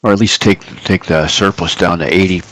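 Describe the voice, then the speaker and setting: A man's voice: sits low, steady tone, fairly quick, a bit bright, poor audio. A middle-aged man hosting a live trading stream, chatting loosely with many fillers and self-corrections. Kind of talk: casual live market commentary.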